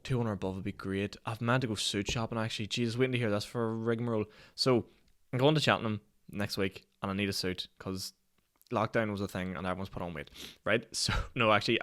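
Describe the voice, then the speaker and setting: A man's voice: on the low side, a bit bright. A Northern Irish man in his twenties hosting a solo podcast, telling rambling, self-mocking stories with plenty of swearing and laughter. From Northern Ireland. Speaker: podcast host. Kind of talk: solo casual podcast chat.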